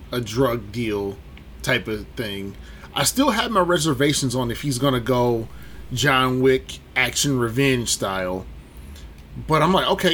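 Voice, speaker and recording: A man co-hosting a casual podcast, speaking slowly and stopping often to search for words. His pitch sits in the middle of the male range. A faint hiss of background noise sits under the voice. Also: fairly bright tone. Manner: slow, hesitant, many fillers. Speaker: podcast co-host. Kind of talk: casual movie discussion.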